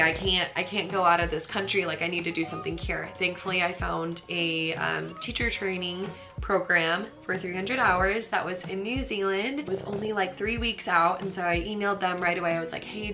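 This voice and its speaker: A woman's voice: lowish voice, vocal fry. A young American woman, a yoga teacher, telling her personal story in a chatty, earnest, emotional vlog, full of "like". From United States.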